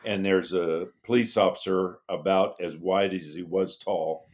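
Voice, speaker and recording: A middle-aged man guests on a podcast and tells a story in a relaxed way. He acts out the lines of the people he describes, and his voice sits somewhat low. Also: measured pace. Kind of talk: casual storytelling.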